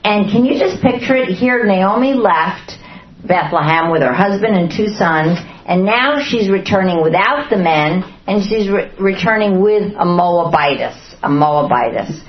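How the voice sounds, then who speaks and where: A woman's voice: medium pitch, lively intonation, a little slow. A woman teaching a Bible study to a group, often asking the listeners questions and acting out the quotes she reads. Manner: asks the listeners many questions, acts out quotes. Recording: roomy, dull lo-fi recording.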